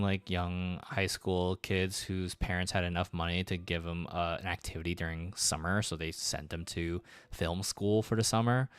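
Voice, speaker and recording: Man telling rambling stories on a drawing stream, low voice, dry close sound. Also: smooth, no echo. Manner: rambling, with many fillers and restarts. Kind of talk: casual storytelling while drawing.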